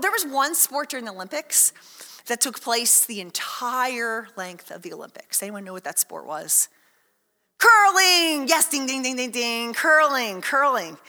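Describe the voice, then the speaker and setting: A woman preaching a sermon to a congregation, chatty and animated, acting out little scenes and asking the room questions. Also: fairly high pitch. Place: church hall. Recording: echoey hall.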